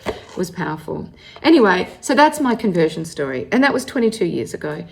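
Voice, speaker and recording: A woman's voice: on the low side, a little fast, gravelly, a little hiss or hum. Aussie woman in her 40s telling her story, chatty, lots of ums and restarts. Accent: Australian. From Australia. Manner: animated, chatty, many fillers and restarts. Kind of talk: personal storytelling monologue.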